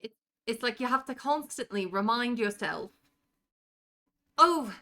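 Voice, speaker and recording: Slow-talking woman with a put-on British accent. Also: a little high, lively intonation, sharp tone. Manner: chatty, answers chat messages aloud. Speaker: live streamer. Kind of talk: casual stream chat with viewers. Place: home room.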